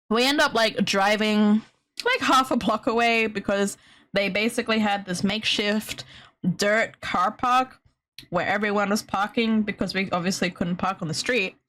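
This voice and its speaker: A woman's voice: mid-range voice, normal speed, a bit bright. A young woman telling a profane, grumbling story to her stream chat, laughing often.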